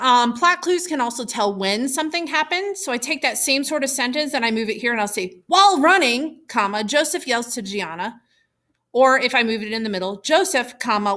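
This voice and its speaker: A woman teacher giving a recorded lesson, explaining clearly and patiently. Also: on the high side, a bit bright.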